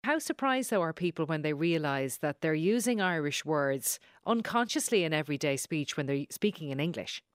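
Brisk woman radio presenter. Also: low voice, expressive, clean tone, dry recording, clean studio sound. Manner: brisk, prompting questions. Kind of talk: live radio interview.

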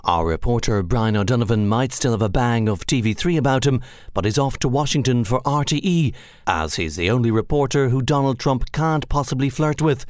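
A man voicing a brisk male radio newsreader with a crisp, formal delivery. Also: medium pitch, animated, no echo, studio quality, lightly acted.

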